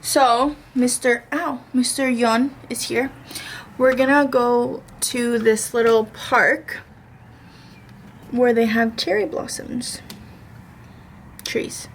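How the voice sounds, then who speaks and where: A woman's voice: on the high side, steady tone, slow, long pauses, slight background noise. A young woman vlogging casually to a handheld camera, chatty and joking as she walks through her day. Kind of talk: casual vlog chat. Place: outdoors by a backyard fire, then at home.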